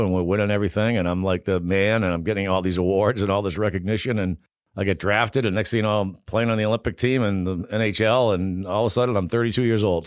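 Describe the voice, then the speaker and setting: A man's voice: lowish voice, no room sound, studio quality. A man in his sixties with a strong Boston accent, telling stories from his past as a guest on a casual podcast interview. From Boston, USA. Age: 60s. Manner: fast, animated storyteller. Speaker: podcast guest, former Olympic hockey player.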